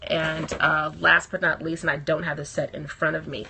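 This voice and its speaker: Woman chatting on a phone live stream, bright gravelly voice, a bit raspy, laughs a lot. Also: low-pitched, little pitch movement, moderate pace, a little hiss or hum. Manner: chatty, laughs often, greets viewers by name. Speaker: beauty blogger hosting a live stream. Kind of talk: casual live-stream chat.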